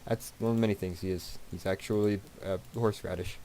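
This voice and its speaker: A man's voice: deep voice, fairly quick, heavy background noise. A man casually commenting on a visual novel as he plays, rambling and swearing freely. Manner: animated, rambling, profane. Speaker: let's play host. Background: game music.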